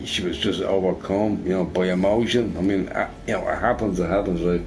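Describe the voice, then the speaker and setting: Low, steady and darkish, this brisk male voice belongs to a middle-aged shop boss griping casually as he plays games. He meanders, curses, and keeps ending lines with "right?".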